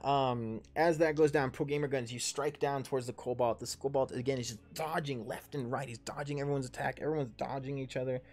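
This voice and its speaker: A man's voice: mid-range voice, fairly even intonation, fairly quick, hardly any pauses, darkish tone. A man in his thirties narrating a tabletop game as game master and player, rambling with many ums and self-corrections, and swearing casually. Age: 30s.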